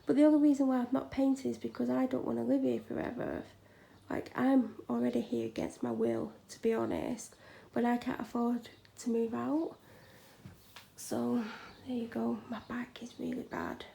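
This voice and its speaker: A woman chatting frankly in a home vlog from a room she is decorating, sometimes dropping into soft whispered asides. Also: fairly high pitch, little pitch movement, normal speed, creaky. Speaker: vlogger. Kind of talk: casual home vlog chat.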